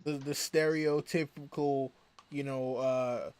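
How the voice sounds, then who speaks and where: A man's voice: medium pitch, fairly even intonation, slow pace, crowd noise. A man in casual table chat at a tabletop game, rambling with lots of restarts. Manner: rambling, full of restarts and laughter.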